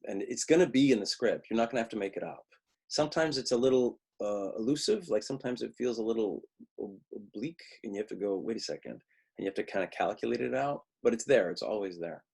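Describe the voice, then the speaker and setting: A man's voice: mid-range voice, animated, quick pace, gravelly, a little mellow, breathy edge. A man teaching acting in a webinar, talking conversationally with frequent restarts and briefly acting out lines he quotes. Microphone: video call.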